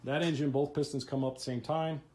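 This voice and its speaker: A man's voice: medium pitch, steady tone, fast, darkish tone, a little hiss or hum. Plain-spoken man explaining engine repair. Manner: plain, practical, instructive. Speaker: mechanic. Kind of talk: how-to repair walkthrough.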